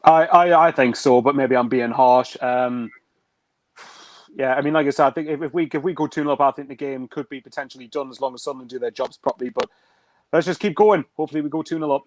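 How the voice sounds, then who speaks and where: A man's voice: mid-range voice, fast talker, dry recording. A man co-hosting a fan football stream, giving hesitant, hedged opinions on the match. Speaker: co-host pundit. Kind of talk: casual fan-stream chat.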